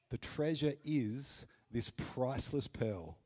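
Australian pastor preaching, casual and lively. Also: male voice, mid-range voice, measured pace, hardly any pauses. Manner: conversational and animated, with playful asides. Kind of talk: sermon. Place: church gathering.

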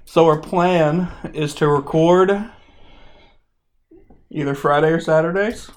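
A man's voice: fairly high pitch, slow pace, a little mellow, a little hiss or hum. A man hosting a casual podcast, joking and rambling with fillers. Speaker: podcast host.

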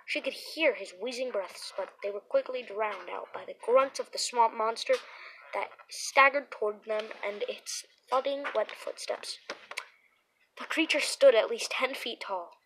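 A woman reads a children's horror story aloud in a fairly high voice, telling it with drama and expression. She stumbles and restarts now and then. A faint hiss sits behind her. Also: unhurried, fairly bright tone, poor audio. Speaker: narrator.

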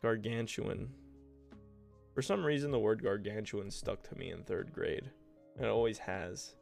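A young man with a lowish, gravelly voice full of fry, hosting his own podcast. He rambles through stories in a casual, profane, self-mocking way, close to a home mic with faint music underneath. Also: measured pace, a little mellow. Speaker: podcast host. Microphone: home desk mic.

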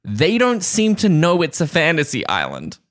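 A man's voice: on the high side, wildly swooping pitch, moderate pace, no room sound, studio quality. A man co-hosting a podcast, crudely and wryly recapping scenes in casual comedic chat. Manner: crude, wry, retelling scenes with quoted voices. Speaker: podcast co-host.

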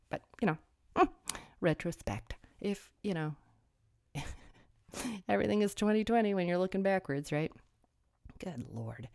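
A woman's voice: mid-range voice, dry recording, clean studio sound. A woman delivering a sarcastic political commentary monologue, full of rhetorical questions.

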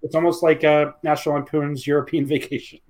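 A man's voice: on the high side, level tone, quick pace, darkish tone. A man co-hosting a podcast, trading dry sarcastic banter in casual comedic chat. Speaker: podcast co-host.

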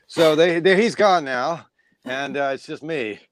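A man playing a cheerful puppet double of himself, pitched far higher than his own voice and bouncing around in tone. It sounds playful and lively, a little felt figure showing off its home. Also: normal speed, a little hiss or hum.

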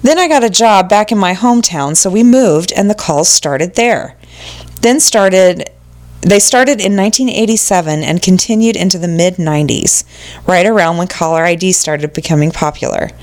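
A woman's voice: fairly low pitch, moderate pace. A woman co-hosting a casual podcast, reading listener stories aloud and reacting with exclamations. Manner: animated, reacts with exclamations and swearing.

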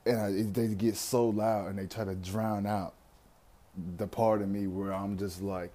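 Young dude, low voice, just rambling candid about his head, cussing a lot. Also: flat delivery, unhurried, warm tone, a little hiss or hum. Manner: rambling, reflective, with profanity and slang. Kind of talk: candid personal monologue.

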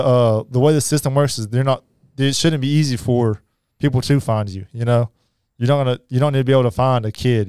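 A man telling his life story as a podcast guest, halting, with many fillers and restarts. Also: mid-range voice, mellow, clean tone, no room sound, studio quality. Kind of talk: personal storytelling.

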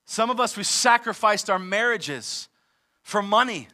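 A man preaching a sermon as pastor, moving between forceful emphatic passages and conversational asides. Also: sits high, animated, unhurried. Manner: preaches with rising intensity, mixes emphatic and conversational. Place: church service in a large theater.

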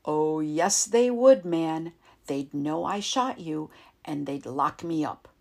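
A woman's voice: sits low, lively intonation, moderate pace, breathy edge, full character voice. A woman voicing a desperate, volatile male ex-con who holds a gun, blunt and pleading. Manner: blunt, pleading, repeats "man".

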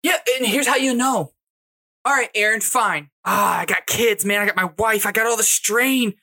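A middle-aged man holds forth in casual conversation, his voice bright and pushing forward. He drives his points home with rhetorical questions and lively emphasis, like someone preaching to friends. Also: high-pitched, moderate pace, gravelly. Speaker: podcast co-host. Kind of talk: casual chat.

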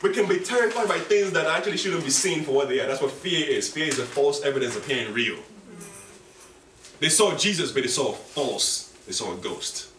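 A man preaching a sermon in a church, animated and dramatic, repeating key phrases and drawing responses from the congregation. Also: fairly high pitch, fairly quick. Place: church hall. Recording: echoey hall, distant mic, background noise.

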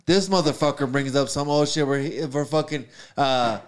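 A man's voice: on the high side, normal speed, clean tone. A man telling a crude, slangy story in casual banter with friends, often cutting in over the others.

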